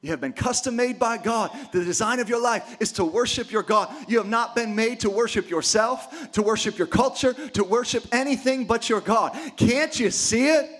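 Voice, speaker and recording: A man preaching a sermon with lots of energy, dropping to quiet asides and then rising to shouted exclamations. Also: very high-pitched, moderate pace, few pauses. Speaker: pastor.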